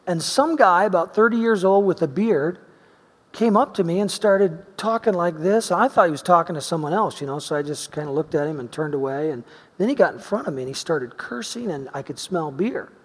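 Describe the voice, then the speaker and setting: A male pastor from Oregon telling a personal story in his sermon, animated, swinging between loud emphasis and quiet asides. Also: sits high, a little fast, breathy edge. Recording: long reverb of a large hall.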